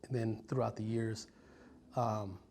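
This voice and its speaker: A man in his forties from Stockton, California, telling his life story in an interview, reflective and halting with many pauses and ums. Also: on the low side, level tone, a little mellow. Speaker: violence prevention worker. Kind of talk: personal story told in an interview.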